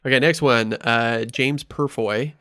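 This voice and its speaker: A man's voice: mid-range voice, fairly even intonation, slow pace, pushed and bright, no room sound, clean studio sound. A man co-hosting a podcast in casual chat, laughing often and reading out facts. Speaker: podcast co-host.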